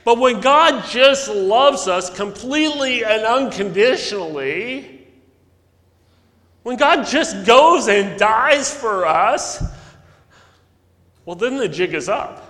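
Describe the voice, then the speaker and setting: A male pastor preaching a sermon, telling stories earnestly, with sudden loud emphasis and soft drops. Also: high-pitched, expressive, takes it slowly, pauses often. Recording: long echo of a large hall.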